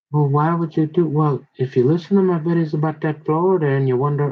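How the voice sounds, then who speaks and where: A man's voice: on the high side, a little fast, few pauses. A middle-aged man rambling in a folksy, confrontational monologue full of slang, recorded on a dull lo-fi mic. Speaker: vlogger.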